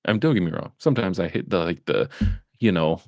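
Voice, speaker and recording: A man jokes wryly on a casual podcast. His voice sits low, and the recording is dry with no room sound. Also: animated, brisk, a little mellow, no room sound, dull audio. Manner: wry, joking. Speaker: podcast co-host.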